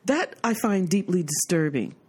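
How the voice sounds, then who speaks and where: A woman's voice: fairly low pitch, normal speed, husky. An American woman hosting a podcast in casual chat, telling stories and acting out family members as she goes. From United States. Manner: animated storyteller who acts out family members. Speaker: podcast host.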